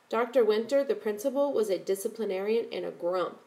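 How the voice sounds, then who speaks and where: A woman reads a story aloud in a steady, measured audiobook style. Her voice sits at an ordinary middle pitch and keeps an even pace through the long descriptive passages. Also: low-quality recording. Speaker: narrator. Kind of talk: audiobook narration.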